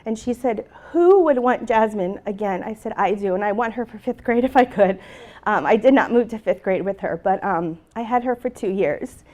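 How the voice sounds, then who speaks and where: A woman's voice: mid-range voice, fairly quick, darkish tone. A middle-aged woman teacher giving a conference presentation, telling a heartfelt personal story to a live audience and acting out the dialogue in it. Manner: heartfelt, emotional, retelling dialogue. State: tearful at moments.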